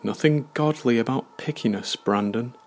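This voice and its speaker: A man's voice: mid-range voice, steady tone, measured pace, gravelly. A man voicing an overbearing, gushing middle-aged village mother in a horror story reading. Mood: pushy gushing. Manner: jubilant, overbearing.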